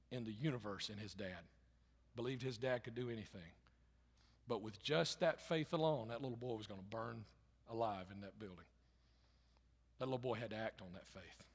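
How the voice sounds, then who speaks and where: A pastor preaching a sermon in a conversational way, rising loud for emphasis and dropping quiet and low, repeating phrases. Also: male voice, creaky, husky. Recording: long hall reverb.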